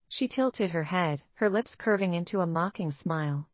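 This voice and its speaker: A woman narrating a dramatic first-person story in a steady, scripted storytelling manner. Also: lowish voice, moderate pace, few pauses, no room sound. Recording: dull, dry lo-fi recording.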